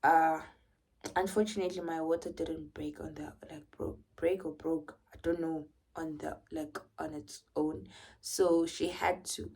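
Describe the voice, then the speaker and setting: A young woman with a South African accent telling a personal story in an animated way, often dropping to a whisper. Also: low-pitched, measured pace, husky. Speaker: vlogger.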